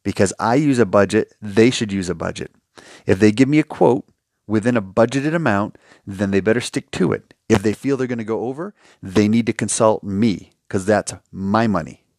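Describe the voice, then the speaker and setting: A man's voice: fairly low pitch, moderate pace, a little mellow, no echo, clean studio sound. A man hosting a solo advice podcast, talking emphatically and with passion, acting out short dialogues. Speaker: podcast host.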